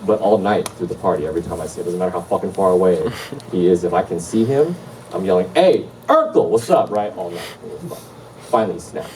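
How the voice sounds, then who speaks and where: A man in his forties doing a loose, swearing stand-up set and telling stories, with sudden shouted impressions. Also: sits low, quick pace, slight background noise. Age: 40s. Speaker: stand-up comedian. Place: club or hall with a live crowd. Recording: distant mic in a roomy hall, loud crowd.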